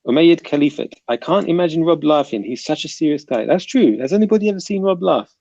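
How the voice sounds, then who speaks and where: Gravelly-voiced man hosting a livestream. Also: a little high, lively intonation, quick pace, a little mellow, no room sound, highs cut off. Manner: reads chat comments aloud and banters. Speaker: livestream panel host reading chat. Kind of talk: casual livestream chat.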